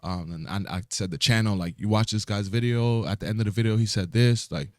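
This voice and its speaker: A man's voice: lowish voice, fairly quick, dry recording, clean studio sound. A man with a New York accent in casual podcast chat, laid-back and slangy, acting out phone calls as he tells stories. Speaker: podcast co-host. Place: podcast studio.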